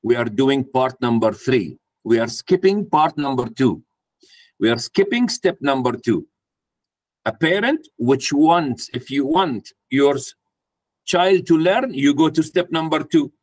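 A man's voice: mid-range voice, lively intonation, measured pace, darkish tone. A man speaking to a live audience at a mentoring workshop, putting questions to the room and acting out a parent talking to a child. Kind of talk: interactive workshop talk.

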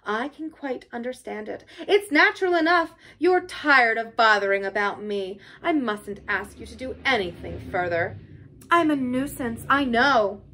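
A woman voicing a sly male toad who plays at being gravely ill, speaking faintly and with drooping sighs. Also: fairly high pitch, expressive, a little slow, sharp tone, full character voice. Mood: languid. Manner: faint, drooping, sighing delivery. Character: feeble self-pitying male toad, sly and languid.

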